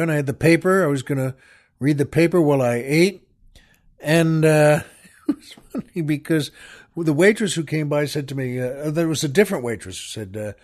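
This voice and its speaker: A fairly high, darkish voice belongs to an older man hosting a talk show, who drifts through a wry, rambling tale with little laughs and restarts in casual storytelling fashion.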